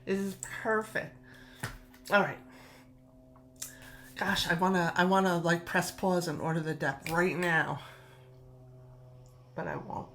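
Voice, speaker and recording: A woman's voice: fairly low pitch, fairly even intonation, takes it slowly, pauses often, a bit bright, a little hiss or hum. Woman, New York accent, middle-aged, casual vlog chat, gushing, laughs a lot, leisurely pace. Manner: chatty and gushing, laughs often, trails off and restarts. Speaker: tarot deck collector and reviewer.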